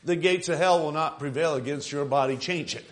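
A man preaching a sermon, stressing phrases with swings of loudness and calling out questions to the congregation. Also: a little high, normal speed. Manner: emphatic, rising and falling for emphasis, calls out to the congregation.

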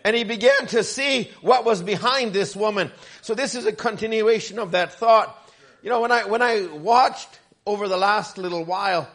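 High-voiced preacher shouting his points. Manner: rising to shouted emphasis, with stammered restarts. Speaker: pastor. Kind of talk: sermon.

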